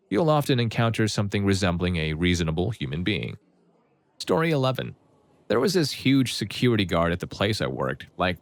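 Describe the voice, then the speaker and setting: A man reading out reader-submitted stories in a steady, matter-of-fact scripted narration. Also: fairly low pitch, creaky, no echo. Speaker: story channel narrator.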